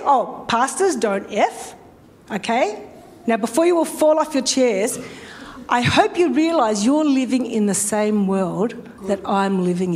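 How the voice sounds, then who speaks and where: A woman's voice: high-pitched, darkish tone. A middle-aged woman pastor, telling a story in a sermon and acting out phone calls.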